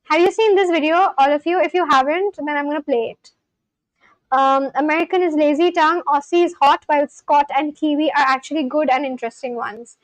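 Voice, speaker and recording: Still on her casual livestream, she reads the chat aloud and replies while rambling. Her voice is high-pitched and brisk, and the audio is low quality with no room sound.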